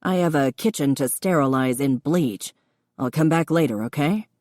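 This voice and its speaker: A woman's voice: sits low, normal speed, dry recording, clean studio sound, lightly acted. A woman narrator voicing a patient, encouraging young man who teaches cooking to a friend in an audiobook. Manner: patient, encouraging, gently instructive.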